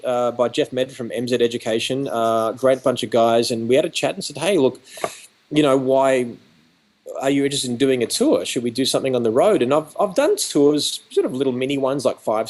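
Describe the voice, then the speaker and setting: A man's voice: medium pitch, darkish tone. A man with an Australian accent, a photography educator, chatting on a video call and acting out quoted exchanges as he talks. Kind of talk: animated conversational storytelling.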